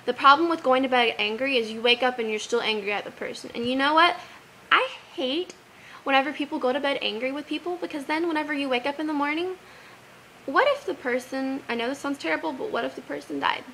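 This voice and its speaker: A young woman giving earnest advice in a casual vlog, animated and sincere, quoting scripture now and then. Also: high-pitched, quick pace, a little hiss or hum, rough recording. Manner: earnest, animated, quotes Bible verses.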